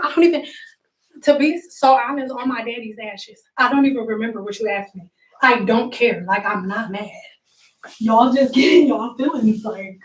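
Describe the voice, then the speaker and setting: A straight-talking woman with a fairly high voice chats casually to her livestream viewers as she works. She sits back from the mic in an echoey room. A faint hum of noise stays behind her. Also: normal speed, recorded from a distance. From Detroit, USA. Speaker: hair stylist livestreaming. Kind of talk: casual livestream chat while working.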